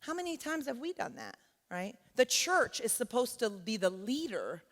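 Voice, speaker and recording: A woman's voice: fairly high pitch, big pitch swings, normal speed. Earnest woman speaking in a reverberant church. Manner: earnest, keeps checking in with "right?". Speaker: college teacher speaking at church. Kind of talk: conversational church talk. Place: church sanctuary. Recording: long church hall reverb.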